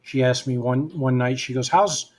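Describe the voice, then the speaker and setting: A man's voice: medium pitch, flat delivery, moderate pace, darkish tone. A man, a guest hypnotist, telling a personal story in casual conversation and acting out both sides of the remembered dialogue.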